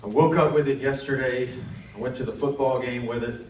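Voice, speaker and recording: A man's voice: mid-range voice, fairly even intonation, a little fast. A man in his thirties doing a self-deprecating stand-up comedy set on stage, jumping into quoted voices. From North Carolina, United States. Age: 30s. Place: arts center stage before a laughing audience. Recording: echoey room from far off, loud hiss.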